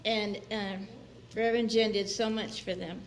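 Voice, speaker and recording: In a church sanctuary, a woman guest minister delivers a chatty, personal sermon, laughing often and acting out the people she quotes. Her voice is mid-range, with fairly even intonation and a normal speed.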